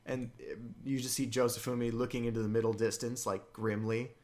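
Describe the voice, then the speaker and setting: An excitable man in loose podcast chat, his voice leaping upward whenever something grabs him. He talks in a middle pitch and eager bursts. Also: a little fast. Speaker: podcast co-host. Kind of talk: casual chat about a comic.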